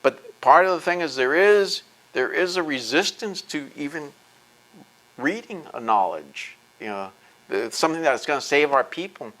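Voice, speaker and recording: This man has a fairly high, slightly bright voice with lively intonation and a normal speed. Answering questions after a lecture, he speaks with passion and emphasis, driving points home through repetition, and the recording quality is low.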